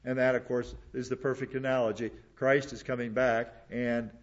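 A male pastor delivering a sermon, repeating words for emphasis and dropping into quiet asides. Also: mid-range voice, little pitch movement, moderate pace, highs cut off.

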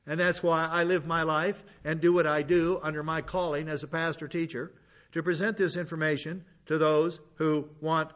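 A man's voice: a little high, little pitch movement, moderate pace, fairly bright tone, lo-fi sound. A man preaching as a pastor teacher, blunt and conversational, often restarting his sentences. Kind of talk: sermon.

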